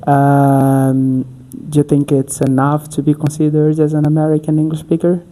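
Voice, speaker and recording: Hesitant podcast host, mellow voice. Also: medium pitch, completely flat delivery, moderate pace. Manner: hesitant, many fillers, frequent backchannel. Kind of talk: podcast interview.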